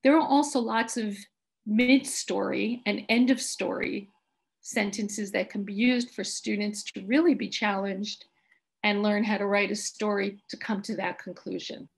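A woman who teaches high school, giving a steady, methodical account of her classroom activities on a panel. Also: measured pace, creaky, husky. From United States.

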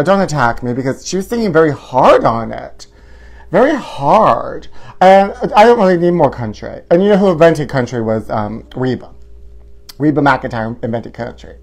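A man hosting a campy live tabloid chat show, flamboyant and exclamatory, hamming it up as a mock-country cowboy host. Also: on the high side.

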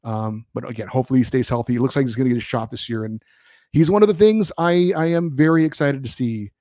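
A man's voice: medium pitch, fast, no echo, clean studio sound. Chatty man hosting a hockey podcast. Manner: relaxed, rambling, with frequent ums and restarts. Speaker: podcast host. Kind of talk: reading listener emails and chatting.

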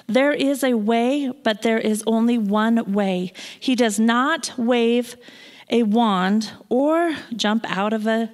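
A woman preaching a sermon in a church, moving between loud proclamation and hushed asides. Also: medium pitch. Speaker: guest preacher. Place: church sanctuary.

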